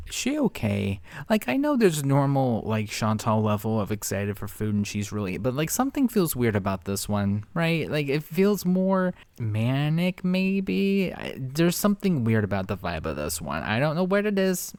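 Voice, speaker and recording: A man commenting on a video in a chatty, sarcastic way, his pitch jumping up and down a lot as he talks. The sound is dry and close to the mic, with no room echo. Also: very animated, normal speed, hardly any pauses, darkish tone. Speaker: reaction commentator. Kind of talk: casual commentary.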